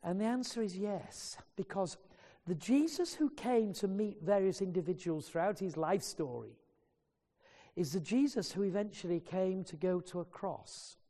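Preacher, male, earnest storyteller with a warm voice who restarts phrases, recorded with long reverb. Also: sits high, animated, normal speed. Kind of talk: sermon storytelling.

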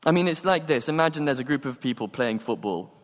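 Animated preacher in a reverberant hall. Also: male voice, medium pitch, fast. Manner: animated storytelling, acts out dialogue. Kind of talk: sermon.

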